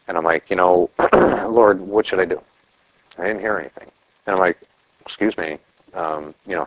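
Man with a very low voice, casual storyteller, rambling, muffled recording. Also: no echo. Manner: rambling, with restarts and throat clearing. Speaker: speaker telling a personal story.

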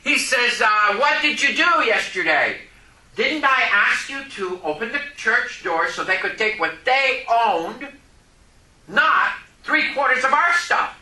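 A man preaching a sermon, telling a story and rising to loud, impassioned outbursts. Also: extremely high pitch, expressive, slow. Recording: echoey room.

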